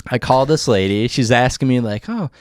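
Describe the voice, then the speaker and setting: A podcast host telling a profane, animated story and acting out the other people's lines. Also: male voice, medium pitch, fairly quick, dry recording. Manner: profane, animated storyteller who acts out quotes. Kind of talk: casual storytelling chat.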